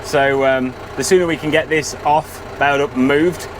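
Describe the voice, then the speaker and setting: A man's voice: on the high side, steady tone, moderate pace. A man, chatting casually as he films his farm work, rambling and poking fun at himself. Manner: chatty, rambling, self-deprecating. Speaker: farmer vlogger. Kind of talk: casual vlog commentary. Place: outdoors on a farm and in a tractor.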